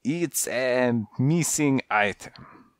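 A man's voice: medium pitch, animated, extremely slow, clean tone, dry recording, studio quality. A man voicing an elegant, well-bred grey male cat who speaks politely and formally with a French accent, in an audiobook. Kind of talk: audiobook character voice.

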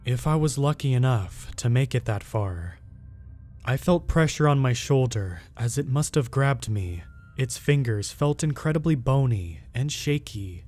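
A man reading a first-person horror story aloud as a scripted narration, in a slow, hushed storytelling manner. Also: medium pitch.

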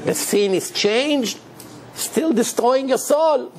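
High-voiced rabbi preaching emphatically. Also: male voice, lively intonation, slow pace, a little mellow, a little hiss or hum. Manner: emphatic, preaching with rhetorical questions; loose, non-standard English grammar. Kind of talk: sermon.

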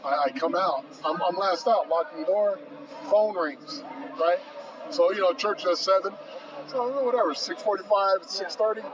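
A man in his fifties, a podcast guest, telling a long anecdote with lively acted-out dialogue and frequent "bro.". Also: high-pitched, normal speed, crowd noise. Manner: lively storyteller acting out both sides of phone calls, says "bro" often. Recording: distant, dull and noisy.

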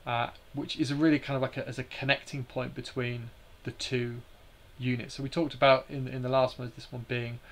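A man's voice: mid-range voice, level tone, brisk, hardly any pauses, fairly bright tone. A man hosting a live stream, explaining slides in a hesitant way with many fillers and restarts.

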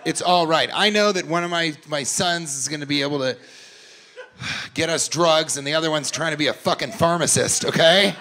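A man does crowd work on a comedy club stage before a live audience, brash and profane, teasing audience members and slipping into mocking voices of them. His voice is a little high, brisk, pushed and bright.

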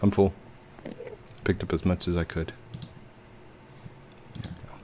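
A man hosting a casual game session, playful and quick to laugh, talking to the characters on screen. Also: low-pitched, flat delivery, dark tone, slight background noise. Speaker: gaming channel host. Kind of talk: casual let's-play chat.

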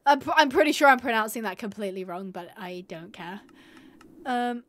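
A woman's voice: a little high, animated, brisk, a bit bright. A young woman streaming a game live, chatting to viewers and gushing and squealing over cute animals.

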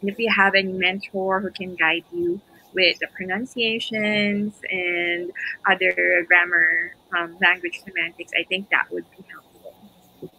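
A woman's voice: on the low side, level tone, measured pace, vocal fry, bright, forceful tone, slight background noise, low-quality recording. A woman with a Filipino accent, whose first language is Filipino, hosting a live stream in casual, encouraging chat and laughing between phrases over a video call. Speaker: host.

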